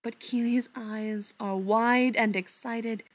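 A woman narrates a story slowly and gently, letting lines settle before moving on. Her delivery is soft and often sinks almost to a whisper. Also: a little high, steady tone. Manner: soft, unhurried, often hushed. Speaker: reader. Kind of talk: storybook narration read aloud.

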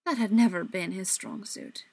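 A woman reading audiobook narration in an even, measured way. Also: mid-range voice, vocal fry, husky, no echo. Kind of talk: scripted narration.

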